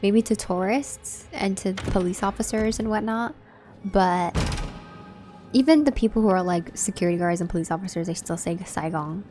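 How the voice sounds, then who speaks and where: A woman's voice: medium pitch, normal speed, dark tone, soft background music. A young woman, hosting a livestream and chatting casually with her viewers in a laid-back way. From Southern California. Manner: chatty, laid-back, reads and answers chat. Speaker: livestream host.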